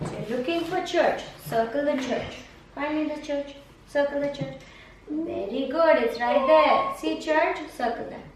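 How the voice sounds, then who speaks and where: Patient high-voiced woman teacher, echoey room. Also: a little slow, few pauses. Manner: patient, coaxing, repeats prompts and praise. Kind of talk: one-on-one map-reading lesson. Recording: echoey room from far off, faint noise.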